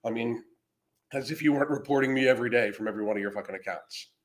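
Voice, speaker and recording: A man's voice: medium pitch, rapid-fire. A man hosting a podcast livestream, reading comments aloud and mocking trolls in a brash, profane, casual way. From Florida. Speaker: podcast host reacting to comments.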